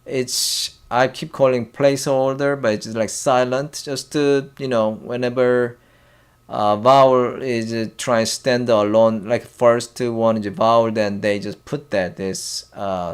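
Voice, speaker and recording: A man with a Korean accent gives a casual lesson at a very slow, unhurried pace. He stops and starts often and repeats each drill syllable loudly for the learner to copy. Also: fairly low pitch, clean tone. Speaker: Korean language teacher.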